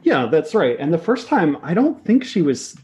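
A man's voice: fairly high pitch, sing-song, normal speed, darkish tone, husky. A man co-hosting a casual book podcast, thoughtful and hesitant, searching for his words. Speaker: podcast co-host.

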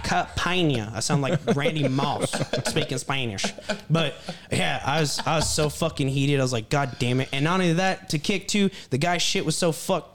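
A man's voice: fairly high pitch, normal speed, fairly bright tone. A young man co-hosting a podcast, telling a rambling, profane story in casual chat. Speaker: podcast co-host.

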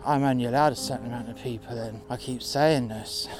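A man's voice: mid-range voice, steady tone, a little fast. A man telling a sweary, exasperated story about his job, recorded outdoors in the cold. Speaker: narrator telling a work story. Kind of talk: casual storytelling. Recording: music playing behind. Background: music.

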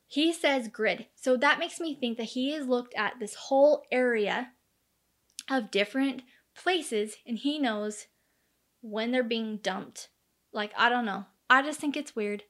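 A woman's voice: fairly high pitch, measured pace, a bit bright. A woman in her thirties casually recounting a true crime case, chatty and full of fillers, acting out the quoted lines. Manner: chatty, many fillers, acts out quoted dialogue.

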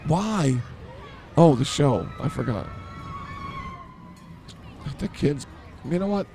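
Male comedy podcast host, dark gravelly voice, blustering mock-authority rants. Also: a little high, animated, slow pace, a little hiss or hum. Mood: ranting.

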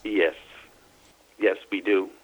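A man from Louisiana, a guest in a casual phone interview, telling his story in a halting way full of restarts and repeats. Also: deep voice, steady tone, rough recording.

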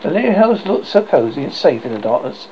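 Gravelly man reading a children's story. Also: a little high, sing-song. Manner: halting, self-correcting reading. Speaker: audiobook reader. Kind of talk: reading a children's novel aloud. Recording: dull lo-fi recording with faint hiss.

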